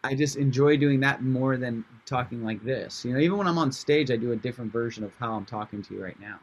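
A man's voice: mid-range voice, fast talker. A young adult man, a comedian guest from Iran, chatting casually and animatedly on a podcast, laughing often and swearing freely.

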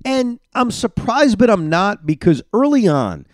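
A man's voice: high voice, a little slow, no echo, studio quality. A man hosting his own solo podcast, giving opinionated and emphatic reactions in a ranting way. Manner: animated, emphatic. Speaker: podcast host.

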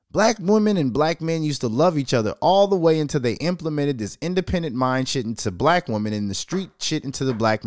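A man hosting a podcast, ranting profanely in animated commentary and slipping into mocking voices. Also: medium pitch, no echo, clean studio sound. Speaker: podcast host.

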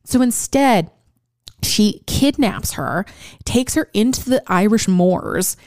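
A woman in casual chat about a film, frank and animated, who swears freely and trails off into fillers. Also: mid-range voice, slow, no echo, clean studio sound.

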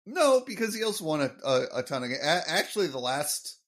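A man with a fairly high, lively voice banters as a podcast co-host. He jokes, laughs easily and launches into explanations of trivia with lots of rise and fall in his pitch. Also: a little fast. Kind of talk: casual episode recap chat.

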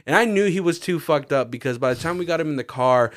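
A man co-hosting a casual podcast who tells stories in a rambling way, with lots of swearing, quick bursts and laughter. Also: a little high, expressive. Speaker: podcast co-host. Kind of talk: casual storytelling chat.

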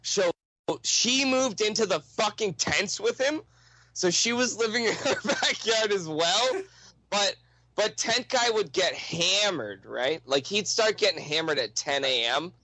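A young man tells a wild anecdote, swearing freely and talking with animation. His voice sits a bit high and sounds bright and sharp. It is dry and close, with no room sound. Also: a little slow, no echo, poor audio. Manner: profane, animated anecdote telling. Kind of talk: casual storytelling.

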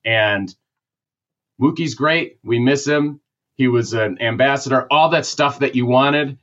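A man's voice: mid-range voice, a little slow, a bit bright. A man with a Boston accent delivers a rambling, opinionated rant in casual sports talk. The audio is dull and lo-fi. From Massachusetts.

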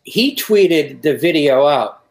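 A man's voice: on the high side, expressive, slow, rough recording. A man, a pianist guest, talking with enthusiasm on a podcast, often restarting his sentences. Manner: enthusiastic, frequent stammered restarts. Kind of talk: conversational podcast interview.

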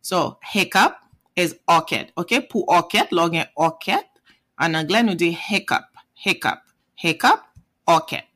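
A Haitian-accented teacher and native Haitian Creole speaker with a bright, crisp tone. They explain each word slowly and say it twice. They often check in with a quick "okay?" or "right?". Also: mid-range voice. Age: adult parent. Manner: patient, repeats words, checks in with "okay?" and "right?". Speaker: language teacher. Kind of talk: casual video lesson.

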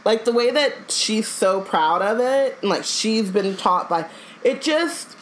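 Chatty podcast woman, super animated voice, lots of likes. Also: mid-range voice, slow, slight background noise, rough recording. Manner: chatty, enthusiastic, uses "like". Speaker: podcast co-host. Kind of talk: casual chat.

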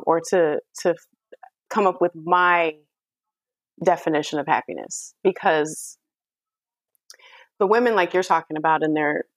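A woman's voice: low voice, no room sound. A woman guest speaking frankly and earnestly in casual conversation, with slangy asides. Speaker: podcast guest.

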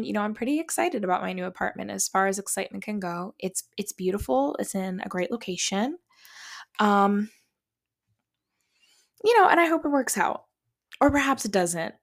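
Young woman, podcast host, swearing, dramatic storytelling. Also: mid-range voice. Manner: profane, dramatic, animated storytelling. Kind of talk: casual storytelling monologue.

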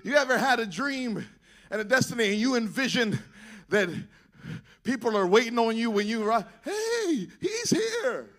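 A man preaching a sermon in a shouting, half-singing cadence, calling out to the congregation. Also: very high-pitched, a little fast. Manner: calls out to the congregation.

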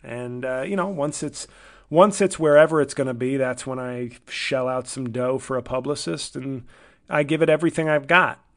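A man's voice: medium pitch, normal speed, fairly bright tone. A comedian hosting his podcast alone, talking in a rambling, self-deprecating and sardonic way, often swearing. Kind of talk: solo casual monologue.

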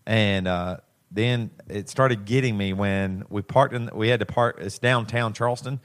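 A man's voice: on the low side, steady tone, measured pace, fairly bright tone, dry recording. A man in his thirties, a podcast co-host, telling a personal story in a rambling, emotional way with many restarts. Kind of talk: casual chat.

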